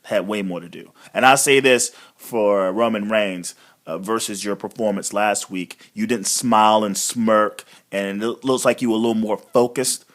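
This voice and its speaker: A man's voice: fairly low pitch, normal speed, fairly bright tone. A man giving a casual, rambling recap of a wrestling show, blunt and swearing freely. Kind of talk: casual profane recap monologue.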